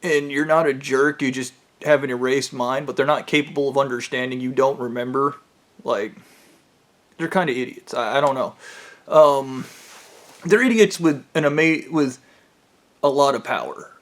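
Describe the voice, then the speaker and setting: A man's voice: medium pitch, moderate pace. A man telling a rambling story from his own life in a casual, profane way, with plenty of fillers. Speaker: vlogger.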